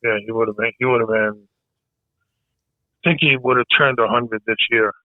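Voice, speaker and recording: Hoarse male guest, halting delivery, thin phone-like sound, dry. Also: mid-range voice, steady tone, no room sound. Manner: halting, hesitant speech. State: losing his voice. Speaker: military veteran guest. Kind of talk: casual podcast interview. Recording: tinny phone-like line.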